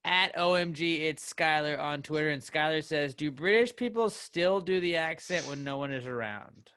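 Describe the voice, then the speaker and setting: Bright-voiced young podcast guy. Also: a little high, moderate pace, clean tone, no echo. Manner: jokey, bursts into loud silly Pokemon shouts. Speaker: podcast co-host. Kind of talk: casual comedy podcast chat.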